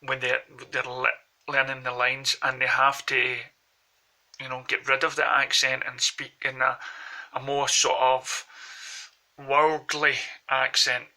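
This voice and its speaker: A man's voice: medium pitch, completely flat delivery, unhurried, sharp tone, poor audio. A man with a Glaswegian accent from Scotland, rambling through casual anecdotes as a vlogger. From Glasgow, Scotland. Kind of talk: casual chat to camera.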